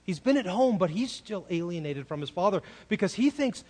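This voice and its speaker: A man's voice: high voice, expressive, fairly quick, few pauses. A man preaching a sermon in an earnest way, often asking the listeners rhetorical questions. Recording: long reverb of a large hall.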